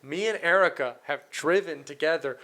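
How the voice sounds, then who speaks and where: Higher-voiced man, animated casual storytelling. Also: moderate pace. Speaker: podcast guest. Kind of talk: casual chat.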